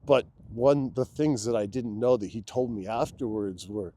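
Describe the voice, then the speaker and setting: A man guesting on a podcast, telling a personal story in a loose, candid way, dropping to a hush when he quotes someone. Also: medium pitch, moderate pace. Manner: loose and candid, drops into a hushed voice when quoting. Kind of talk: casual conversational storytelling.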